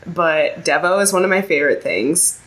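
A woman's voice: lowish voice, moderate pace. An American woman co-hosting a podcast in casual, chatty talk with lots of fillers. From United States. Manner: chatty, animated, many fillers and laughs. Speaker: podcast co-host. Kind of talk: casual chat.

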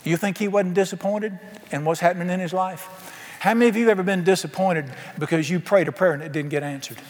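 High-voiced preacher in a reverberant hall. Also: male voice, a little fast. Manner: emphatic, asks the congregation questions. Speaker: pastor. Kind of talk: sermon. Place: church sanctuary.

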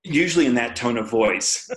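A man's voice: mid-range voice, animated, normal speed, low-quality recording. A man, a podcast guest, candidly telling a personal story in an interview, laughing often and acting out what people said. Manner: candid, laughs often, acts out quoted voices.

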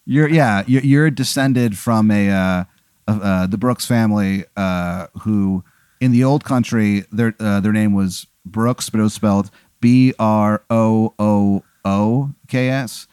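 A man's voice: lowish voice, slow pace, darkish tone, clear, resonant tone, no room sound, clean studio sound. A man narrating a comedic tabletop game as game master, rambling with fillers and crude jokes.

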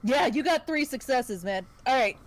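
A woman's voice: sits high, lively intonation, moderate pace, a little hiss or hum. A young woman running a tabletop game, chatting casually and laughing often. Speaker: game master.

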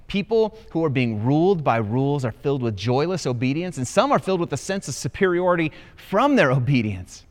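A man preaching a sermon as pastor, telling stories with rising excitement. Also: on the high side, fairly quick, hardly any pauses. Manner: animated storytelling with rising excitement. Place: church auditorium.

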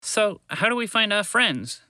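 A man voicing an excitable, curious female frog in a children's story, squealing and eager. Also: high voice, unhurried, smooth, no room sound, pitched above the performer's own voice, full character voice. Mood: excited.

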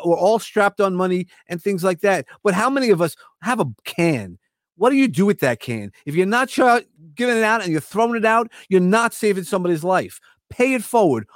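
An earnest middle-aged man with a New York accent speaks in a high register. His delivery is motivational and rambling, and the sound is dry and close with no room around it. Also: dry recording. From Long Island, New York. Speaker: guest. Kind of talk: casual chat.

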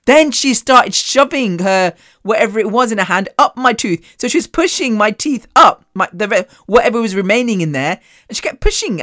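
Loud, sweary woman podcaster. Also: a little high, normal speed, no echo, studio quality. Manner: loud, animated and swearing freely. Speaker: podcast host. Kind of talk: casual storytelling monologue.

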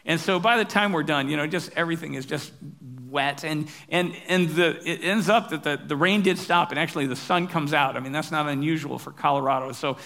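Male pastor, sermon, slightly high voice, chatty storytelling, light humor. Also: a little fast, gravelly, few pauses, sharp tone.

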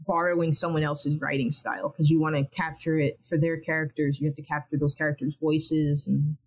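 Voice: mid-range voice, little pitch movement, fairly quick, low-quality recording. Chatty animation writer on a podcast. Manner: rambling, acts out own thoughts in quotes. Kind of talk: casual podcast interview.

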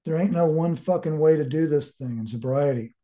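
A man's voice: fairly high pitch, brisk, dark tone. A man telling his story as an interview guest, blunt and rambling, full of swearing and searching reflection. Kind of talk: candid casual storytelling.

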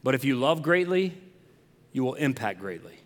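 A man's voice: mid-range voice, big pitch swings, normal speed, big-room sound. A man preaching a sermon as a pastor, conversational and earnest, building to passionate emphasis.

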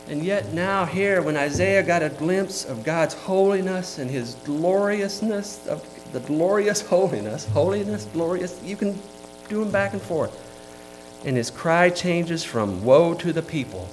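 Animated male preacher, loud and lively. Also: sits high, moderate pace, faint music behind. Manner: animated, swings from loud exclamations to quiet asides; conversational with fillers, asks the audience questions. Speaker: pastor. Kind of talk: sermon.

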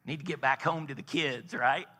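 A man's voice: mid-range voice, steady tone, normal speed, sharp tone, long reverb tail. A man preaching a sermon as a pastor, telling a story in a folksy way and building to emphatic points.

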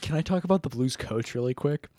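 A man's voice: fairly high pitch, fast, warm tone, no room sound, clean studio sound. A young man co-hosting a casual sports podcast, laid-back with short replies. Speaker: podcast co-host.

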